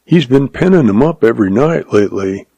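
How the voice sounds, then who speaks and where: A man voicing a mild, slow-spoken cowboy who drawls in a raised pitch, in a western audiobook. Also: expressive, gravelly, mellow, no echo.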